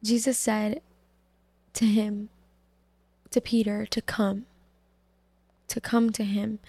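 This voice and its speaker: Woman doing a chill bible study talk, super slow, lots of ums and likes, dry close sound. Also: fairly high pitch, vocal fry, a little mellow, dry recording. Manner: slow, reflective, halting with many fillers. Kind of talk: casual devotional talk.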